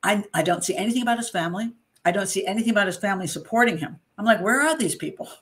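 A woman's voice: mid-range voice, rapid-fire. A woman hosting a casual true crime commentary, talking in a chatty, digressive way, frank and opinionated, often laughing.

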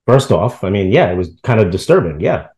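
A man's voice: fairly low pitch, very animated, a little fast, darkish tone. A man co-hosting a podcast, arguing his opinions in a heated casual debate and sometimes mimicking others. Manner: opinionated, mimics people in exaggerated voices. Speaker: podcast co-host.

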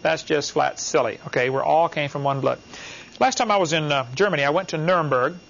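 A man's voice: on the high side, fairly quick, gravelly, fairly bright tone. A man giving a classroom lecture, emphatic, talking in short repeated phrases and asking the class questions. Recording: dull, lo-fi class recording.

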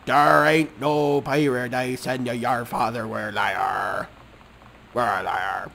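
Man doing a gruff villain pirate captain, slightly lowered voice, rough taunts, read from a storybook. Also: fairly even intonation, slow, bright, forceful tone, slight background noise, heavily acted. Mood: taunting.

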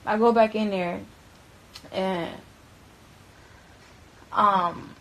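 A young woman recounting what happened in a loose, profane, rambling way, full of filler words, swinging between loud, animated bursts and hushed stretches. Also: medium pitch, extremely slow, low-quality recording. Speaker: interviewee recounting events. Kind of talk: casual storytelling.

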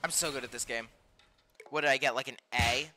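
A young man streaming a game live, reacting with loud outbursts and reading game text aloud. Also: medium pitch, fairly even intonation, a little fast. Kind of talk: live gameplay commentary. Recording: game music behind voice.

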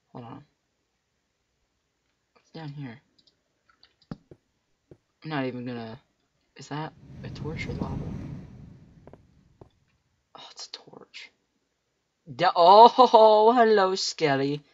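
A man's voice: medium pitch, a bit bright, a little hiss or hum. A man hosting a video game playthrough, giving chatty commentary and yelping at enemies, with a cracking voice. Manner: chatty, jumpy, yelps at enemies. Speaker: let's play host. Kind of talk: gameplay commentary. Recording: muffled lo-fi mic.

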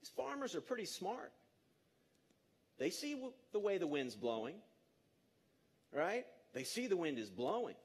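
A man in his fifties gives a live public talk in an energetic, emphatic way and engages the audience directly. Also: fairly high pitch, slow pace, pauses often, husky. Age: 50s. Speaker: conference speaker.

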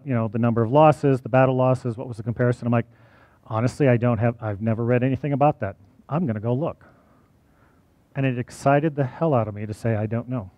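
A man's voice: medium pitch, darkish tone, no room sound. A male college teacher giving a personal talk to an audience, conversational and often checking in with "right?".

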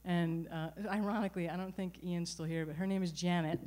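A middle-aged woman telling a personal story at a live storytelling event, conversational and animated, with frequent restarts. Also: lowish voice, brisk. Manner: conversational, animated, self-correcting.

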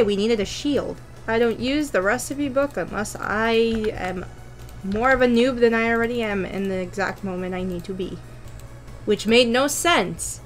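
Playing a video game, a young woman who makes gaming YouTube videos chats to herself in a slightly high, fairly bright voice. Her commentary is casual and playful, full of jokey taunts and sudden squeals.

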